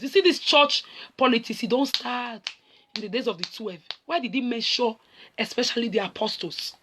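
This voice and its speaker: A woman's voice: a little high, moderate pace, fairly bright tone. A middle-aged woman with a Nigerian accent, preaching a sermon and switching between Pidgin and English as she acts out scripture.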